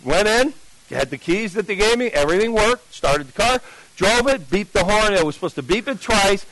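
A man's voice: high-pitched, lively intonation, moderate pace, fairly bright tone, dry recording, rough recording. An older man, telling his life story as a testimony and acting out the voices of the people in it. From New Jersey.

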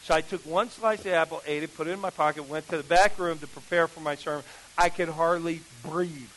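A man preaching a sermon through an animated story, acting out the voices of the people in it. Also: fairly high pitch, brisk, low-quality recording.

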